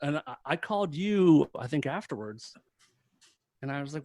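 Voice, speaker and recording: A man's voice: on the high side, normal speed, no room sound. Man telling a story with a dry sound. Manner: animated storyteller, laughs often. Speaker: podcast guest, former tour crew member. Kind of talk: casual storytelling interview.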